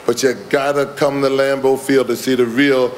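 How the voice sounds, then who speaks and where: A man's voice: medium pitch, flat delivery, normal speed, a little hiss or hum. A man in his seventies giving a Hall of Fame induction speech in a folksy, rambling manner, chuckling at his own jokes. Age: 70s. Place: large hall with audience.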